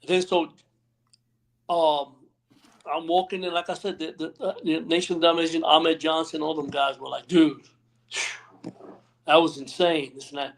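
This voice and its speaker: His voice sits on the high side, gravelly and a bit bright, with a level tone and normal speed. The man, a retired pro wrestler interviewed over a remote live stream call, rambles through backstage tales, voicing what others said and saying "you know what I mean" a lot.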